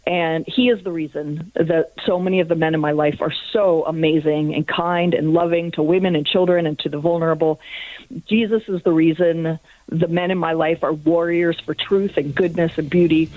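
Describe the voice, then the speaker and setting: A woman's voice: deep voice, steady tone, moderate pace, no room sound. A woman calling in to a radio show, telling an earnest personal story with many fillers. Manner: earnest, with frequent fillers and soft laughs. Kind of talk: personal testimony. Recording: tinny phone line.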